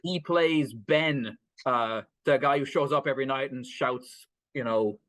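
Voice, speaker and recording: A man's voice: medium pitch, measured pace, a bit bright, no room sound. A man co-hosting a casual film podcast, rambling through plot summaries with many fillers, restarts and laughs. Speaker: podcast co-host.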